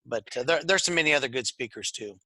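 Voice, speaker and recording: Michigan guy with a northern accent, slightly raspy, rambling casual co-host talk, dry sound. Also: mid-range voice, animated, fast talker, bright, forceful tone, no echo. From Michigan, USA. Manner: rambling, many fillers and restarts. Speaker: podcast co-host. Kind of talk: casual chat.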